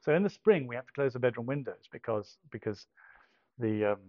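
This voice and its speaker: A middle-aged man from England telling a personal story, halting and self-deprecating with many restarts. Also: mid-range voice, lively intonation, no echo. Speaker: speaker telling a conversion story. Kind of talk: anecdotal storytelling talk. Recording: dull lo-fi dry recording.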